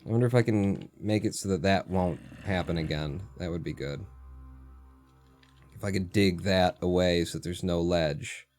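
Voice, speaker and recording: A man's voice: deep voice, normal speed, a little mellow, soft background music. A man streaming a video game, chatting casually and muttering to himself as he plays, with the odd swear word. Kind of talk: casual gameplay commentary.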